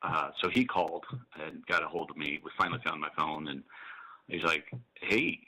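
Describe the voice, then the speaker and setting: A police officer guest on a radio talk show, telling his story matter-of-factly with dark humor. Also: extremely low pitch, moderate pace, low-quality recording.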